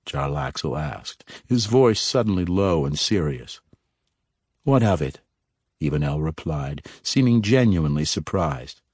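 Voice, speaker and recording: A man reading a fantasy novel aloud in a measured narration, giving the characters light voices. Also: rumbling low, expressive, a little mellow, husky, dry recording, clean studio sound. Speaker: audiobook narrator.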